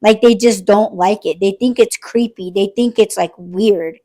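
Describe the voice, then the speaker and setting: Profane, animated woman podcast host. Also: medium pitch, a little slow. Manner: profane, animated, acts out quoted exchanges. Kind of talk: casual late-night chat.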